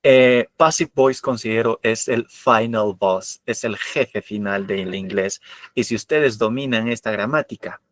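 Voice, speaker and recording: A man's voice: fairly low pitch, moderate pace, a bit bright, no room sound. Male English teacher, dry sound. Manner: switches between Spanish explanation and English examples, repeats key points. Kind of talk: online class lecture.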